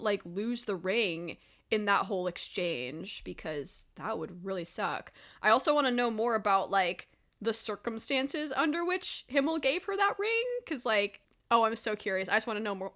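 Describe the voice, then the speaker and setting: A woman hosting an anime reaction video, talking in a casual, gushing, excitable way. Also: fairly high pitch. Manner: gushing and excitable, with gasps and exclamations.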